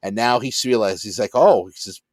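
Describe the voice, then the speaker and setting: A man co-hosting a podcast in casual chat, animated, swearing freely and acting out movie lines. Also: on the low side, brisk, no echo. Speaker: podcast co-host.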